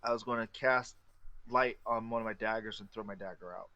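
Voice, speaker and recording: A man's voice: on the low side, steady tone, brisk, pushed and bright, dry recording. A man playing a tabletop game, reading out his spell and stumbling over his words. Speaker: player. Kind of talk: casual tabletop play.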